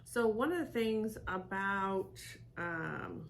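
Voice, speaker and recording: A woman hosting as a psychic medium, talking in a rambling, halting way with many fillers and restarts. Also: mid-range voice, expressive, vocal fry, a bit bright. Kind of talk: casual reaction chat.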